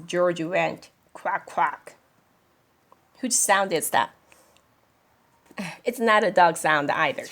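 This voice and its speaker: A woman, an English teacher reading a children's story aloud and explaining words in a chatty, animated way. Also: fairly low pitch, slow, pauses often. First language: Korean. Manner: animated, chatty, laughs often.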